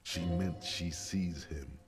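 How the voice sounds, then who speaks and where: An actor voicing a grave male video game narrator, speaking in slow, measured, scripted narration with a husky, gravelly tone. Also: low voice, soft background music.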